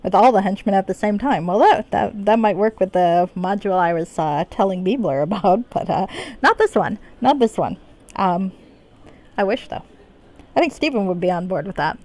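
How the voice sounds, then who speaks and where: Woman, game streamer, casual chat, lively pitch, laughs a lot, reads dialogue aloud. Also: moderate pace. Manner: chatty and giggly, reads game dialogue in her own voice. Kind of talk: casual live-stream commentary.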